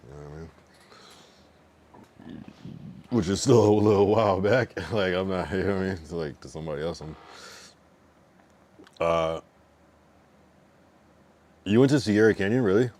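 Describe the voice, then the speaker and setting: Deep-voiced streamer man chatting casually. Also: normal speed, long pauses, a little mellow. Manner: rambling, swears, talks back to chat. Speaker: livestreamer.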